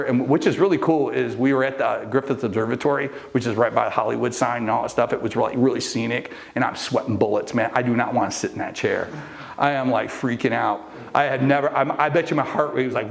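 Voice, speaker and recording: A middle-aged male coach with a gravelly, rough edge to his mid-range voice. He tells a story to a live group, stumbling through restarts and fillers. He jumps into the voices of the people in his story. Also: mid-range voice, fairly even intonation, fairly quick. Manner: storytelling, acts out quoted people. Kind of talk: motivational talk to a live group.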